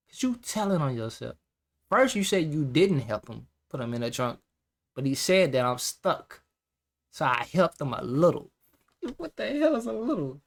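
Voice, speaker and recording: A man hosting a reaction video, mocking and incredulous as he comments. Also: a little high. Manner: sarcastic, incredulous, teasing. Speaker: reaction channel host.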